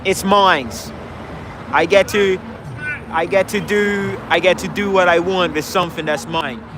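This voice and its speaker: A man's voice: sits high, fairly even intonation, a little slow, noisy background. A man giving a heated, rhetorical street speech outdoors, challenging the crowd. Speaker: street speaker. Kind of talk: impassioned street debate speech. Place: outdoors in a city park.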